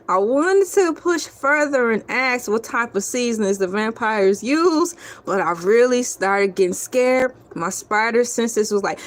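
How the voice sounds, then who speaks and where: High pitched lady vlogger, slow and dramatic, hamming up a funny story to y'all. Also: expressive. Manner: theatrical, playful, addresses viewers as y'all. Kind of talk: casual comedic storytelling.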